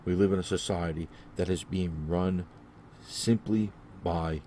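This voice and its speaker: Male solo podcast host, deep mellow voice, rambling and repetitive, heavy on fillers. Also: fairly even intonation, measured pace, a little hiss or hum. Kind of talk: solo casual podcast monologue.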